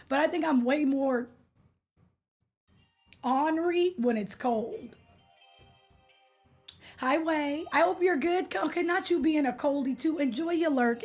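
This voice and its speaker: Young woman streamer from California, high-pitched, playful and slangy, with faint music behind her. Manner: playful, slangy, greets chatters by name. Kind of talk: casual chat with live viewers.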